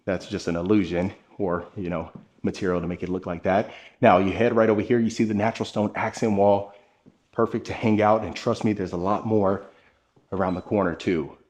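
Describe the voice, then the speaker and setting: A man with a slightly low voice narrates a home tour from inside a large house. He speaks with steady enthusiasm and talks directly to the people watching. The sound comes from a handheld camera carried as he moves between rooms. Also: a little fast. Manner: enthusiastic, addresses viewers directly.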